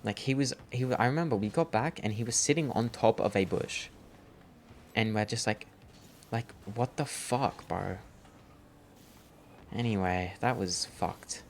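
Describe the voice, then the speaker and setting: A man's voice: lowish voice, measured pace, gravelly, long pauses, a little hiss or hum. A young man rambling through a story while gaming, swearing often and calling the listener bro. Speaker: gaming vlogger.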